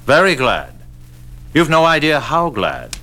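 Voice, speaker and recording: A courteous, probing prison chief. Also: male voice, a little high, huge pitch swings, bright, forceful tone, full character voice. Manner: measured, courteous, inquisitive. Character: polite, probing man in charge of a prison. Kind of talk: radio drama acting.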